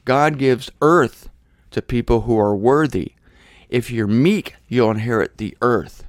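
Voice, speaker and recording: A man hosting a Bible teaching show, preaching forcefully and repeating phrases for emphasis in a blunt, provocative way. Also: medium pitch, a little slow, no echo, clean studio sound.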